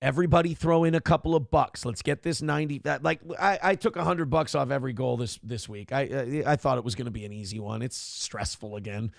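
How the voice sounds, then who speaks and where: This man hosts a live-streamed morning talk show, rambling and mocking in casual commentary as he reads out donors' messages. His medium-pitched voice is brisk, with vocal fry and few pauses. The sound is clean studio audio with no echo.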